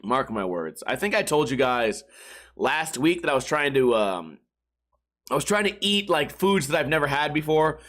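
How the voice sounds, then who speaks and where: A man's voice: on the high side, expressive, moderate pace, fairly bright tone. A man hosting a solo podcast, telling rambling profane stories and slipping into mock voices. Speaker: podcast host. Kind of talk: casual solo rant.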